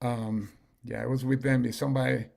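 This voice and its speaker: A man giving a casual team training talk on a video call, halting, with many fillers and restarts. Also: mid-range voice, level tone, gravelly, darkish tone. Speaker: team leader and coach.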